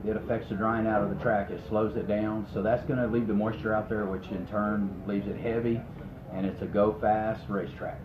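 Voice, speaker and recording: A man's voice: on the low side, level tone, a little fast. A man from Northwest Arkansas. He answers interview questions in a hesitant, plain-spoken way and often repeats words. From Northwest Arkansas, USA. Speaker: racing driver guest. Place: outdoor speedway. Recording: tinny phone-like sound, echoey, loud noise.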